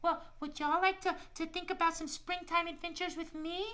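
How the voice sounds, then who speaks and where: A man doing Shiloh, a high, shy little squirrel. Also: flat delivery, moderate pace, sharp tone. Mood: eager. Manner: eager and chatty, stumbles over repeated words. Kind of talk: children's puppet show.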